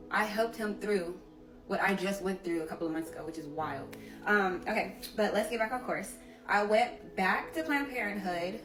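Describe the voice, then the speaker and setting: A woman telling her own personal story in a candid, emotional way, acting out what people said. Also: mid-range voice. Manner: emotional, candid, acts out quoted dialogue. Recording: roomy echo with loud music behind.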